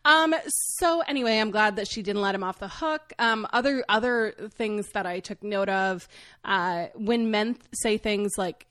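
A woman co-hosting a podcast in casual chat, candid and quick to laugh, swearing freely. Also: medium pitch, expressive, a bit bright, no echo, clean studio sound. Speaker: podcast co-host. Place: podcast recording setup.

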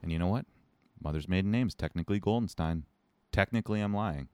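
Very deep-voiced sardonic man. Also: fast, clean tone, dry recording. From United States. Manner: sardonic, joking, animated storytelling. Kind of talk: casual chat.

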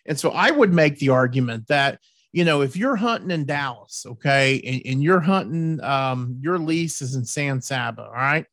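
A man's voice: mid-range voice, lively intonation, normal speed, fairly bright tone, no echo. Folksy man, dry close sound. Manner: folksy, repeats words, pushy about tips. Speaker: host of a hunting show. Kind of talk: casual podcast chat.

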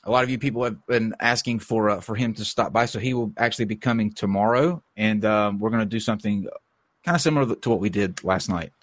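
A man's voice: on the low side, quick pace, no room sound. A man with a stuffy cold hosting a podcast in casual chat, rambling with lots of fillers and restarts. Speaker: podcast host.

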